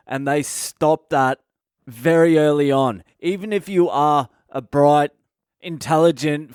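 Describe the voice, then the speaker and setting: Sarcastic comic host; profane monologue, crisp clear tone. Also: male voice, medium pitch, dry recording, clean studio sound. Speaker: comedian podcast host. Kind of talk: comedic monologue rant.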